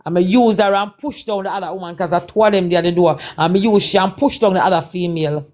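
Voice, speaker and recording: A woman's voice: fairly low pitch, quick pace, darkish tone, a little hiss or hum. A Jamaican woman telling a personal testimony as a guest, in Patois-laced speech, repeating herself and acting out the dialogue in her story. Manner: Patois-laced, repetitive retelling with quoted dialogue. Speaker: guest performer.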